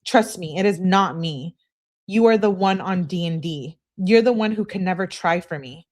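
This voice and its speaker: A woman's voice: on the low side, normal speed, close to an everyday voice. A woman reading aloud the text messages of a pushy young woman to her boyfriend, in a demanding tone, with curse words spelled out as letters.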